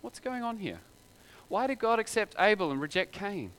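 A man's voice: high-pitched, very animated, normal speed, a bit bright, clear, resonant tone. A man preaching a sermon in a conversational way, full of rhetorical questions.

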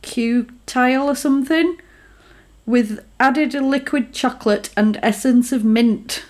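A woman, casually retelling a film plot and acting out the characters' lines in quick voices. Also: a little high, darkish tone. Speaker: film recapper.

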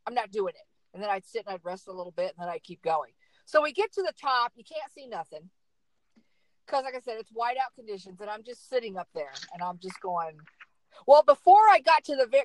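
A woman's voice: fairly high pitch, no room sound, low-quality recording. A middle-aged woman telling a dramatic story in casual chat, repeating words for emphasis.

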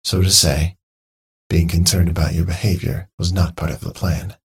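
A man voicing a male training robot that talks in stiff, clinical phrases, with a husky, creaky voice. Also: low voice, fairly even intonation, moderate pace, exaggerated voice. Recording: dry close mic, faint music.

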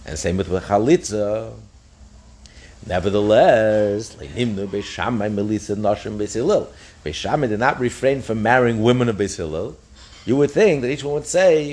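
A man teaching a daf yomi Talmud class, explaining with frequent restarts and acting out the sages' voices. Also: moderate pace. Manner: animated, acts out the sages' voices with pitch jumps; repeats and restarts phrases while explaining.

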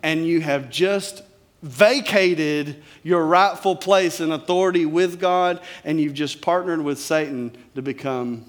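A male pastor preaching a sermon in an emphatic, conversational way, dropping to quiet lows. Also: measured pace.

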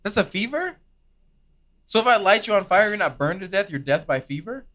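A man's voice: high voice, very animated, a little fast, sharp tone. A man co-hosting a podcast, joking around in casual banter and slipping into mock voices. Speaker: podcast co-host.

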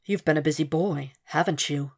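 A woman voicing a husky, taunting male killer speaking on the phone. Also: sits low, normal speed. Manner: taunting, quiet.

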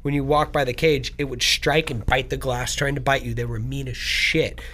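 A young man co-hosting a podcast, telling stories in a relaxed, rambling way full of "like" and "dude.". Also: medium pitch, normal speed, slight background noise. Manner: laid-back storytelling with lots of "like" and "dude". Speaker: podcast co-host. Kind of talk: casual chat.

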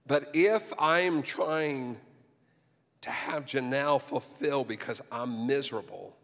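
A man preaching a sermon as pastor, impassioned, often building to near-shouting, with stumbles and restarts. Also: medium pitch, lively intonation, measured pace, creaky, big-room sound.

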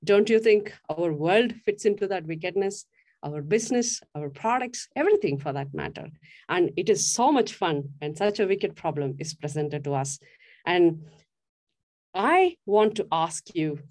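A middle-aged woman giving a motivational talk on design to a live audience, often putting questions to the listeners. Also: fairly low pitch. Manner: animated, asks the audience questions. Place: stage before a live audience.

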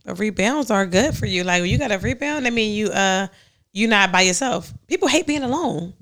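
A young woman hosting a podcast, telling loud, laughing stories in casual chat and acting out the people she quotes. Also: mid-range voice, lively intonation, fairly quick. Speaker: podcast host.

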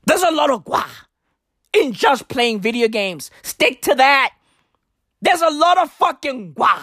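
An exasperated woman in a comic rant, profane and repetitive, bursting into shouts. Her voice sits high and swoops widely, and her delivery is slow and deliberate. The recording is dry and close. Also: expressive, dry recording. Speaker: ranting vlogger.

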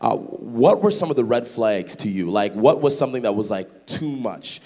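A man hosting a church panel in a playful, animated way, drawing in the audience. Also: medium pitch, moderate pace. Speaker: host, panel moderator. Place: large church hall. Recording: hall reverb.

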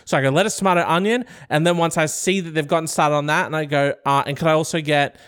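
A man's voice: a little high, flat delivery, fast, fairly bright tone, clean tone. A man in casual chat, teasing and telling stories with playful quoted voices.

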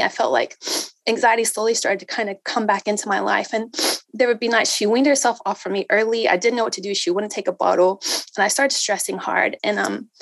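A woman in her thirties giving a personal faith testimony to a group, emotional and halting, with many fillers and restarts. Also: mid-range voice, vocal fry, dry recording. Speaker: speaker sharing a testimony.

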